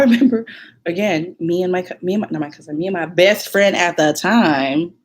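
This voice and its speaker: A young woman tells a personal story straight to her viewers, casual and rambling, sprinkling "like" everywhere. Her voice sits a little low and has a breathy, husky edge. She laughs easily and slips into a higher voice to act out what people said. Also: a little mellow. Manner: chatty, many "like"s, laughs often, acts out quotes in a high voice. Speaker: vlogger.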